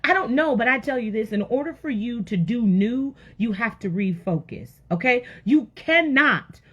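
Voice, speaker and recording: A woman giving an energetic motivational sermon, firing rhetorical questions and breaking into sudden loud exclamations. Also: a little high, moderate pace, slightly rough, highs cut off. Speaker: motivational faith speaker.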